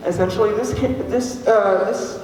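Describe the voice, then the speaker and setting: A teenage boy from Alberta, a student telling a personal story to an audience, earnest and halting with many fillers and restarts. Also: high voice, fairly even intonation, darkish tone. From Alberta, Canada. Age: teens. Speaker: student speaker. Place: large hall with an audience. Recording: echoey hall from far off, faint noise.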